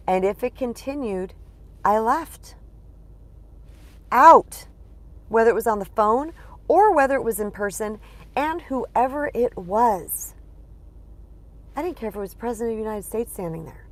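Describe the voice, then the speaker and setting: A middle-aged woman speaking as a spiritual empowerment coach, talking casually and emphatically to viewers from inside her car, often calling them you guys. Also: mid-range voice. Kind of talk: casual monologue to camera.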